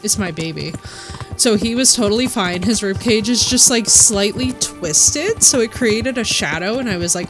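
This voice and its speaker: Woman streamer, animated casual storyteller, loud game music underneath. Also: mid-range voice, normal speed. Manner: animated storyteller, quotes people in her own voice. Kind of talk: casual chat while gaming.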